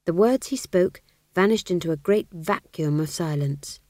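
A woman narrating a comic fantasy audiobook with expressive, measured storytelling. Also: on the low side, dry recording.

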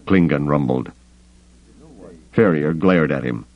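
A man reading a story aloud in an expressive manner, slipping into character voices. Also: a bass voice, unhurried. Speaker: audiobook narrator. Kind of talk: scripted narration. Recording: dull lo-fi recording.

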